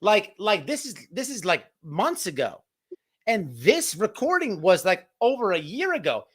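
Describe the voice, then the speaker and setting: A man's voice: sing-song, unhurried, slightly rough. Profane ranting livestream host, man. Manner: profane, ranting, swings from loud outbursts to low mutters. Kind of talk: heated livestream commentary.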